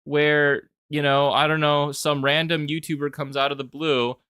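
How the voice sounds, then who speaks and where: A young man talking casually about his own video as a commentator, animated and rambling, with frequent restarts. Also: on the high side, normal speed, clear, resonant tone, dry recording, studio quality. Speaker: YouTube commentator.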